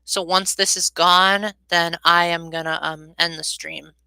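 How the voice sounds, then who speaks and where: A woman's voice: fairly low pitch, fairly even intonation, measured pace, gravelly, sharp tone, clear, resonant tone, no room sound, low-quality recording. A young woman chatting casually with viewers on a live stream, rambling with many ums and often losing her train of thought.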